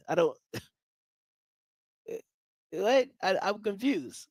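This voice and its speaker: Man, sports talk host, high lively voice, trash talk, repeats himself. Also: moderate pace, no echo. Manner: animated, trash-talking, repeats himself, rhetorical questions. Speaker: podcast host. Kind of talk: casual sports talk show.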